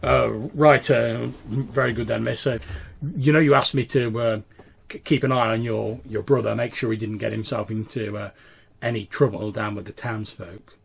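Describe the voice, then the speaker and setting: A man voicing a gruff, muscular servant who stammers deferentially before his mistress. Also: medium pitch, fairly even intonation, normal speed, slight background noise, lightly acted. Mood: reluctant.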